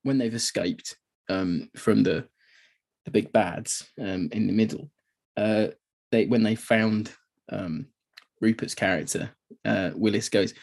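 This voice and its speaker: A man's voice: on the low side, takes it slowly, creaky, long pauses, a little mellow, slightly rough. A man co-hosting a film podcast, chatting casually, laughing often and acting out lines from the film. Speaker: podcast co-host. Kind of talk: casual film review chat.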